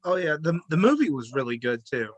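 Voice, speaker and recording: A man's voice: on the high side, big pitch swings, a little fast, no echo, low-quality recording. A man hosting a casual interview, talking like an eager, enthusiastic fan. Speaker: interview host.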